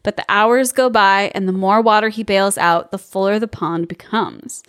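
A woman's voice: mid-range voice, normal speed, fairly bright tone, no room sound, clean studio sound. A young woman hosting a podcast, reading a fairy tale aloud with giggly, wry asides. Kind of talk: comic storybook reading with asides.

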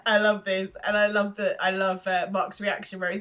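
A woman's voice: medium pitch, fairly even intonation, moderate pace, a bit bright. A woman co-hosting a podcast in casual chat, laughing often as she recaps an episode. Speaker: podcast co-host.

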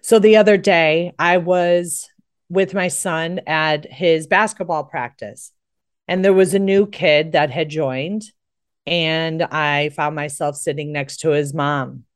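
A woman's voice: low-pitched, takes it slowly, clean tone. A middle-aged American woman hosting a talk show, speaking earnestly and with emphasis. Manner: earnest, emphatic, rising with emotion. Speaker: host. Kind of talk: impassioned talk show monologue.

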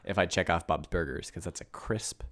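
A man co-hosting a casual chat, musing and relaxed, with lots of filler words. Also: sits low, normal speed. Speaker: podcast co-host.

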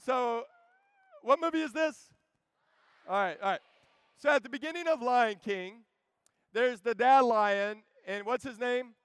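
A man in his thirties preaching a joking, animated sermon that calls out to the crowd. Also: extremely high pitch, a little slow, pauses often, smooth, dry recording. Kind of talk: energetic camp sermon.

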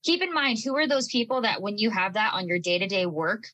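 Woman podcast co-host, bright and forceful voice, firm about her points. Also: medium pitch, fairly quick, rough recording. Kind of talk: casual podcast chat.

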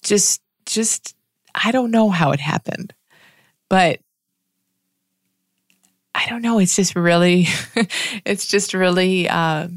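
A woman giving a reflective spiritual monologue, musing aloud with frequent restarts and soft laughs. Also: fairly low pitch, takes it slowly, pauses often, dry recording, clean studio sound.

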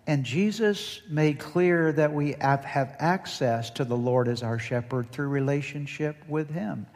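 A male pastor delivers a sermon from the pulpit, his voice sitting at an ordinary middle pitch. He builds steadily in force and calls on the congregation to repeat phrases back to him. His words ring out with a long reverb through a large church hall. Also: moderate pace, few pauses, a little mellow, a little hiss or hum. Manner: preaching with rising intensity, leads congregation call-and-response.

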